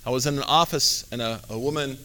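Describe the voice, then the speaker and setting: A man's voice: mid-range voice, fast, bright, forceful tone. A man, an Islamic teacher, giving a conversational religious talk, full of fillers and sprinkled with Arabic phrases.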